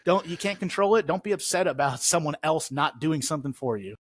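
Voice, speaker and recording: Fast-talking man, laughing storyteller. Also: on the high side, lively intonation, slightly rough, no room sound. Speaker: podcast guest, former Army Ranger. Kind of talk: casual chat.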